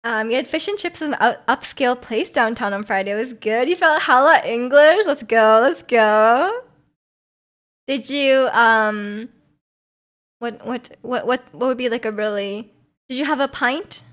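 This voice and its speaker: A woman's voice: fairly high pitch, unhurried, fairly bright tone. A woman, from Vancouver, chatting casually with her stream viewers in a rambling, giggly way full of fillers. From Vancouver, Canada.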